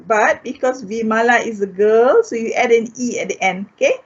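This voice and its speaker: A Malaysian woman teaching a beginners' French class online, patiently repeating each word in slow, clear steps. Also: on the high side, lively intonation. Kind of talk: online language lesson. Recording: dull lo-fi online class audio.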